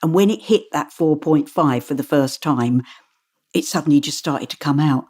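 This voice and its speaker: Woman narrator, low voice, lively anecdotal delivery, loose interview. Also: moderate pace, husky. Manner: animated, stumbles and restarts while telling stories. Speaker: audiobook narrator. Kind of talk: interview answers.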